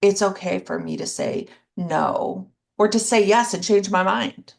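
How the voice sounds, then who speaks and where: A woman with a mid-range voice and vocal fry talks at a measured pace. Co-hosting a podcast, she chats casually and candidly about herself, using self-deprecating humor and dry sarcasm.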